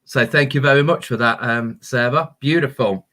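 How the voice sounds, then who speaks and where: Brief: man, crystal-healing livestream host, gentle and encouraging, mid pitch. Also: normal speed. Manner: gentle, encouraging, spiritual talk with many ums. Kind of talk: live-stream chat reading viewer comments.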